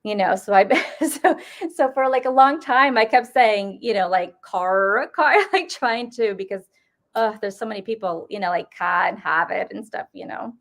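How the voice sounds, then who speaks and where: A woman's voice: fairly high pitch, moderate pace. A woman from upstate New York with an upstate New York accent mixed with Boston, chatting casually and organizing paranormal events, with lots of fillers and restarts. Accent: upstate New York with a Boston mix. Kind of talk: casual chat.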